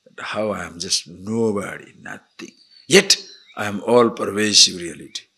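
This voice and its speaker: An older man giving a spiritual discourse, animated, moving between emphatic declarations and soft murmured asides. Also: on the low side, normal speed, slightly rough. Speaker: spiritual teacher.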